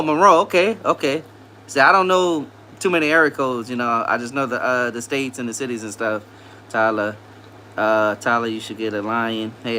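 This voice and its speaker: A Southern-accented man from Louisiana hosts a casual livestream, reading viewer comments aloud and greeting people in a laid-back, upbeat manner. His medium-pitched voice is bright and forceful, with a little hiss or hum in the background.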